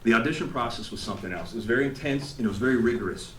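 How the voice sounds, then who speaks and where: A man giving an emotional, animated storytelling speech to an audience at an event, acting out what people said. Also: mid-range voice, racing, slight background noise. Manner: animated, acts out quotes, laughs along. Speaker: graduating student giving a speech. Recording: echoey hall, faint ambience.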